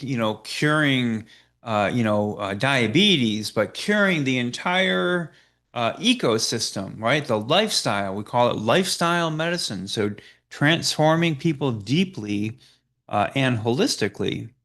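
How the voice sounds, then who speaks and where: Lively-voiced man coaching with many uh's. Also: mid-range voice, measured pace. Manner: hesitant, frequent "uh" fillers and restarts. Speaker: business coach. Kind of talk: slide presentation.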